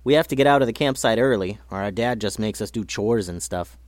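A man's voice: fairly low pitch, fairly quick, no room sound, natural voice. A man voicing a blunt, level-headed boy who speaks in a plain, matter-of-fact way.

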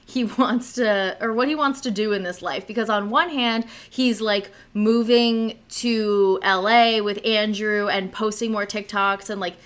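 Animated skeptical woman podcast co-host. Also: medium pitch, measured pace, hardly any pauses. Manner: animated, skeptical, swears casually. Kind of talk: casual gossip chat.

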